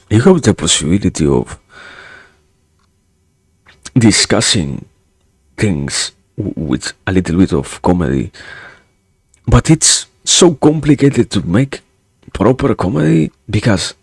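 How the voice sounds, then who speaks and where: A man streaming casual chat, halting and repeating his words, with dry jokes. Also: deep voice, creaky, breathy edge, no room sound. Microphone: streaming mic.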